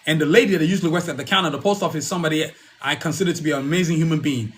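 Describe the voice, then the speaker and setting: A man's voice: on the high side, rapid-fire. A man hosting a solo podcast in a casual, rambling way, repeating himself and calling out to the listeners. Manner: rambling, repeats himself, calls the audience "y'all". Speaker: podcast host.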